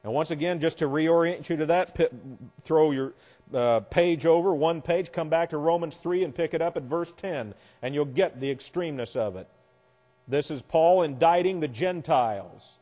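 A man's voice: a little high, normal speed, mellow. A man teaching a Bible class lecture, explaining verses step by step with wry asides. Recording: long hall reverb.

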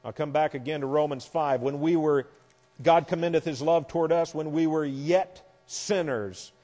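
A man's voice: a little high, normal speed, dark tone, soft background music. A man teaching a Bible class lecture, explaining verses step by step with wry asides. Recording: long hall reverb.

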